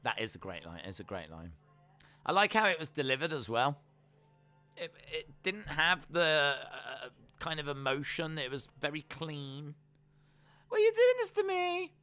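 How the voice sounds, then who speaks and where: A man's voice: fairly high pitch, lively intonation, measured pace, sharp tone, faint music behind. A man chatting casually on a live reaction stream, repeating himself often as he talks. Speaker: streamer hosting a watch-along.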